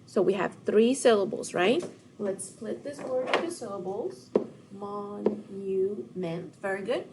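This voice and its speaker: A woman's voice: medium pitch, expressive, moderate pace, heavy background noise. A woman teacher giving a recorded lesson to children, speaking patiently and encouragingly straight to her students.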